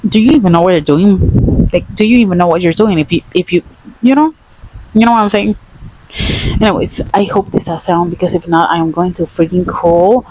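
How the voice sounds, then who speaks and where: A woman's voice: fairly low pitch, fairly quick, a little mellow, rough recording. A young woman vlogging a casual book review, emphatic and exasperated, repeating her points.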